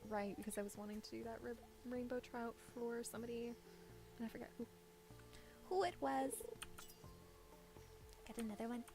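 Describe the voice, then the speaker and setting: Creaky-voiced woman chatting through a game. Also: a little high, moderate pace, long pauses, music in the background. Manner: chatty, rambling, thinks out loud with little laughs. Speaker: game streamer. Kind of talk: casual gameplay commentary. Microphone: desk microphone set low.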